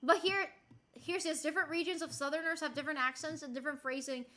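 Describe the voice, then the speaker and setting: High bright woman streamer. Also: steady tone, fast. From Puerto Rico. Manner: chatty, playful, giggly, swears casually. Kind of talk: casual chat reading stream chat.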